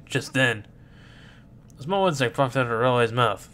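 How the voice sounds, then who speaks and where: A man's voice: medium pitch, lively intonation, moderate pace, long pauses, pushed and bright. A man reading a comic book aloud, switching voices for each character. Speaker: comic reader. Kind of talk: reading a manga aloud, doing all the voices.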